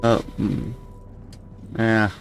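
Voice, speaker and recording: A man's voice: on the low side, level tone, very slow, soft background music. A man casually commenting on a video game as he plays, rambling and musing aloud with frequent startled exclamations. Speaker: gameplay commentator. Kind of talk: casual let's-play commentary.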